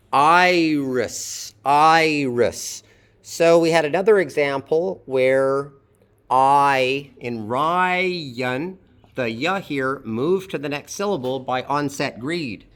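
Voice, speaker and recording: A man teaching a phonetics lesson, explaining pronunciation patiently and thinking aloud as he goes. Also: medium pitch. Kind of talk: phonetics lecture.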